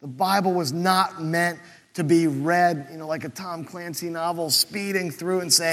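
Male pastor, conversational sermon, higher pitch, churchy reverb. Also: fairly even intonation, a little slow, a bit bright. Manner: conversational, asks questions aloud.

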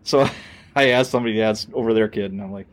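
A man's voice: fairly low pitch, fast. A middle-aged man, a podcast host, telling a story from his police days in casual chat, acting out the quoted voices and swearing now and then.

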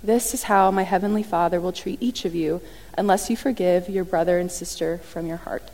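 A woman preaching a sermon in a lively, conversational way, often acting out what people said. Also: fairly low pitch, a little fast. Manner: animated, conversational, acts out quotes. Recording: long reverb from a large hall.

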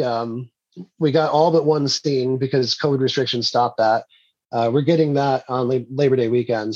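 A man's voice: mid-range voice, darkish tone, lo-fi sound. A man, an indie filmmaker, telling rambling stories in a casual interview and laughing often.

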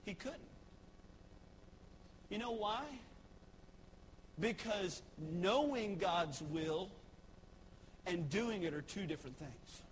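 A man's voice: sits high, takes it slowly, long pauses, a little hiss or hum. A man, a pastor preaching a sermon in a church sanctuary, emphatic and repeating key phrases.

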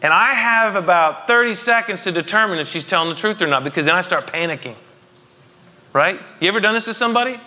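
A man's voice: high voice, animated, fast talker, pushed and bright. A man in his thirties preaching a conversational, jokey sermon to his congregation, often asking them questions. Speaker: pastor. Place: church hall. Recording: long reverb of a hall.

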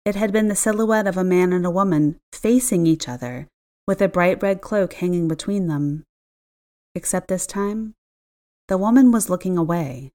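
A woman reading a first-person story aloud in an expressive, wry manner. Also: fairly low pitch, normal speed. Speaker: narrator. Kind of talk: first-person audiobook narration.

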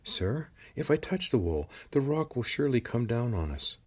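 Storybook lizard sidekick, formal and deferential, voice lifted above a man's own husky tone. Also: medium pitch, big pitch swings, moderate pace, a bit bright, pitched above the performer's own voice. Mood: earnest, anxious. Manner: formal, deferential, calls everyone sir, no contractions. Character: polite formal male lizard companion, loyal.

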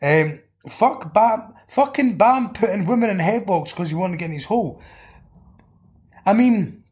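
A Scottish man hosting a podcast, swearing and riffing jokingly as he reads out listeners' comments. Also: on the high side. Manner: sweary, joking riffs while reading out comments. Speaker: podcast host. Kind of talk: casual comedic chat.

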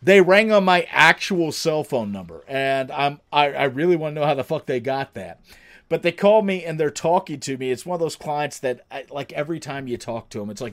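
Male podcast host, 30s, animated and profane, lively pitch. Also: normal speed. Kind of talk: casual chat. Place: home, livestream setup.

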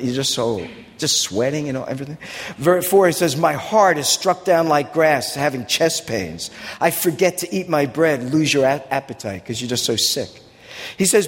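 A man preaching a sermon in a conversational way, reading scripture aloud slowly and with emphasis. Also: fairly high pitch. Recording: long hall reverb.

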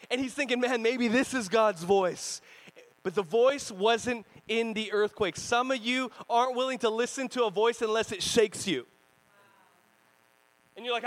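A man in his thirties preaching a sermon as pastor, animated and joking, sometimes acting out other people's voices. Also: very high-pitched, poor audio. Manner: animated, jokey, acts out voices and screams.

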